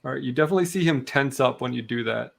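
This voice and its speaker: Male game master, gravelly, laid-back, halting delivery. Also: mid-range voice. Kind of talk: narrating a tabletop game.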